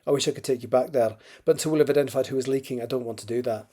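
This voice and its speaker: A man's voice: mid-range voice, rapid-fire, warm tone, lightly acted. A man reading aloud and voicing a protective Scottish man who guards a runaway lad, in an earnest, firm manner. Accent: Scottish (put on).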